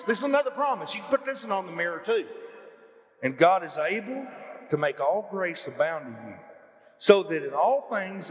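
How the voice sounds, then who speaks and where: High, expressive man, folksy preacher, echoing hall. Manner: folksy, animated preaching with rising emphatic questions. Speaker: pastor. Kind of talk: sermon. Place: church hall.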